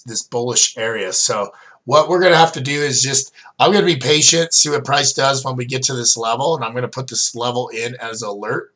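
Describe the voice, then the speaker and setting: A man's voice: mid-range voice, fairly bright tone. A middle-aged man casually walking viewers through trading charts as their coach, rambling with lots of fillers and restarts. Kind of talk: casual screen-share chart review.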